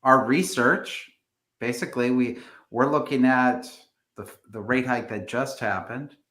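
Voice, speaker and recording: A man's voice: mid-range voice, unhurried, a bit bright, echoey room. A man, a real estate agent, talking through the housing market on a live stream, hesitant with many fillers and restarts.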